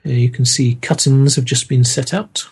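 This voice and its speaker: Husky guy gm-ing a horror tabletop game, lots of ums and uhs. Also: medium pitch, fairly even intonation, normal speed, darkish tone. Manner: hesitant, many fillers, descriptive. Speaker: game master.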